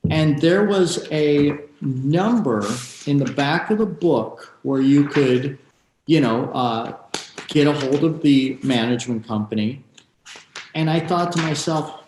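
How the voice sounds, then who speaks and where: A man guest in an interview, telling animated stories full of quoted asides and excited exclamations. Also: medium pitch, echoey room, slight background noise, poor audio. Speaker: guest guitarist.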